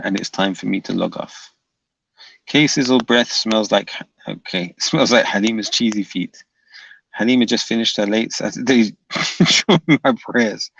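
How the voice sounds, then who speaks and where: A man's voice: mid-range voice, gravelly, a bit bright. A man hosting a livestream, reading chat comments aloud and answering them with dry, unbothered banter. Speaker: livestream host. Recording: dull dry lo-fi mic.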